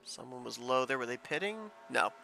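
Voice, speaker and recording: A man calling an online stock car race as play-by-play announcer, calm and analytical. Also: mid-range voice, a little fast, vocal fry, a little hiss or hum. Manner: calm analysis, rising to shouting at the finish. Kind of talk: sim racing commentary.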